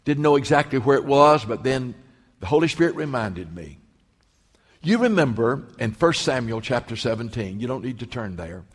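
A man's voice: mid-range voice, lively intonation, normal speed, breathy edge. A man preaching a sermon as pastor, emphatic, rising and dropping his voice for effect. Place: church sanctuary. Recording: long hall reverb.

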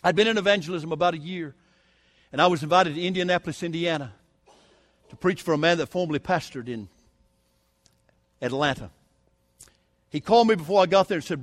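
A man's voice: on the high side, a little fast, pauses often, no echo. A man preaching a sermon, telling a personal story in a folksy, emphatic way with touches of humor. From Southern United States. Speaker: evangelist preacher.

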